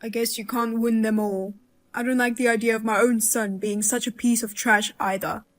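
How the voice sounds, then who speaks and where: A woman's voice: on the high side, flat delivery, moderate pace, lightly acted. A woman voicing a blunt, outraged mother-in-law who jokes darkly and talks sharply. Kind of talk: dramatized story voice-over.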